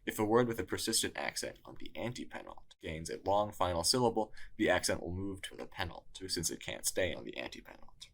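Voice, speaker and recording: A man narrating a scripted lesson in a measured, explanatory way. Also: low-pitched, big pitch swings, gravelly, a bit bright. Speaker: tutor.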